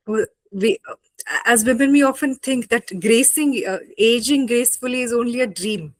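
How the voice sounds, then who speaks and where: A woman with a slightly high voice speaks over a video call in a dry, close sound. She is polite and appreciative, with small hesitations between words. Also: normal speed, no room sound, poor audio. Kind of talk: casual webinar talk.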